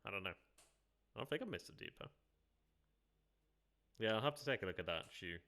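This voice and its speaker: A man's voice: lowish voice, lively intonation, normal speed, sharp tone. A man streaming a strategy game, thinking aloud, muttering and repeating himself as he reacts, now and then talking to his viewers. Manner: muttering, self-questioning, repeats phrases; chats with viewers between moves.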